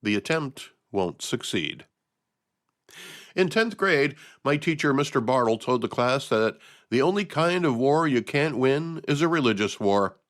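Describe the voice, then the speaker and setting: A man delivers a scripted podcast monologue on current events. His voice sits at an ordinary middle pitch. He slips in dry, sardonic jokes between the serious points. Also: expressive, unhurried, a bit bright. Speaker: podcast host.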